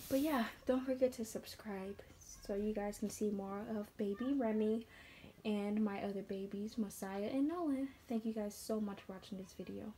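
A young woman vlogging casually as she unboxes something, gushing and often dropping into breathy whispers. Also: medium pitch, moderate pace, dark tone, a little hiss or hum.

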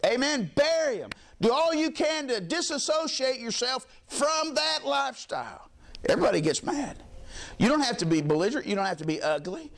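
A man's voice: very high-pitched, very animated, moderate pace, a bit bright. A middle-aged man preaching a sermon as pastor, telling folksy stories in plain colloquial speech and dropping frequent amens.

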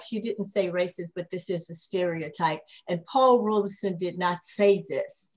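Low-voiced woman, halting academic. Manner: thoughtful, many fillers and restarts. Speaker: history professor panelist. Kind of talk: panel discussion.

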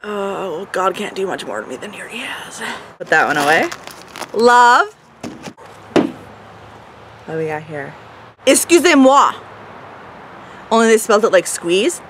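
Bubbly, animated woman. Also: fairly low pitch, fast talker, slight background noise. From Canada. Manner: bubbly, goofy, swears casually. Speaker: beauty vlogger. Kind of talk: casual product review.

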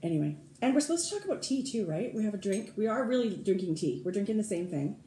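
A woman's voice: mid-range voice, sing-song, quick pace, warm tone, a little hiss or hum. A middle-aged woman co-hosting a casual podcast, chatty and gushing, often trailing off mid-sentence. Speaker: podcast co-host. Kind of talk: casual chat. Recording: roomy room echo.

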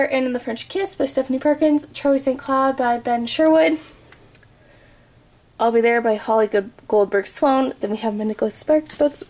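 Young woman vlogger, gravelly, mellow tone, chatty, rattles off lists with ums. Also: high-pitched. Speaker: book vlogger. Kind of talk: casual bookshelf tour vlog.

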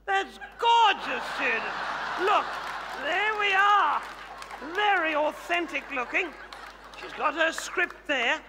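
A man's voice: noisy background, full character voice. A man playing a brash, self-adoring older woman diva with an Australian accent, doing live stage comedy. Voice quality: high, bright and theatrical. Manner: bossy, fussing and self-adoring. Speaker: comedy host. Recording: live theatre with hall reverb.

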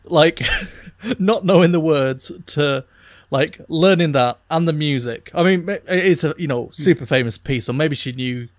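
Unhurried yet hardly pausing, a slightly high-voiced man co-hosts a podcast in studio-quality audio with no room sound. His easygoing chatter is packed with "like" fillers and frequent laughter.

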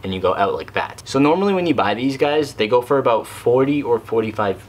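A man's voice: mid-range voice, expressive, fairly quick. A young man reviewing a cosplay mask on camera, chatty and rambling with lots of fillers. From Canada. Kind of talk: casual product review.

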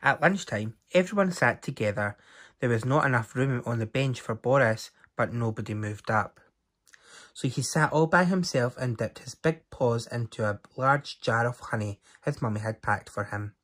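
A man reading a picture book aloud to children in an expressive storytelling voice. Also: mid-range voice, normal speed.

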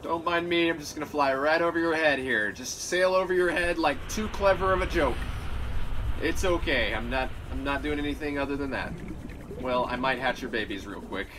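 This let's play host has a slightly high voice at normal speed, heard against a noisy background and game music. He keeps the commentary casual and chatty, gushing playfully and addressing the game's creatures directly.

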